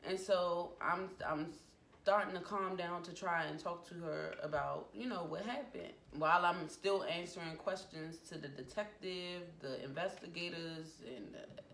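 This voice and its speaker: Low-voiced young woman telling a story. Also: measured pace, a bit bright. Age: 20s. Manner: emotional retelling with acted-out quotes. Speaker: vlogger. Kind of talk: personal storytime vlog. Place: home room. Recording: echoey room with faint background noise. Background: family noise from downstairs.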